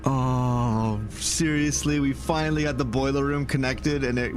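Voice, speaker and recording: A man thinking aloud and talking to his viewers in let's-play commentary, moving from calm planning to loud outcries. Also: mid-range voice, unhurried, vocal fry, music in the background. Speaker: gaming video creator.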